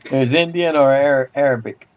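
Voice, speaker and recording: A man's voice: medium pitch, normal speed. Easygoing man from Florida on a call. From Florida, United States. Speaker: panel guest. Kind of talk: casual chat on a live stream. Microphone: video call. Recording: dull lo-fi video call audio.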